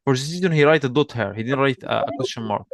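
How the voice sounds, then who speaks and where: Guy teaching an online class, mid pitch, dry close sound, keeps repeating himself patiently. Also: quick pace, dry recording. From Egypt. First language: Arabic. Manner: patient, repeats and restarts, switches between English and Arabic. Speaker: Arabic teacher. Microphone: video call mic.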